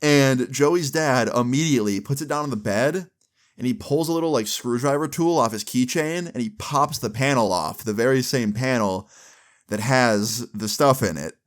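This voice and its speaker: A man's voice: mid-range voice, normal speed. A young man telling a long story casually, rambling with lots of fillers. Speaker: vlogger.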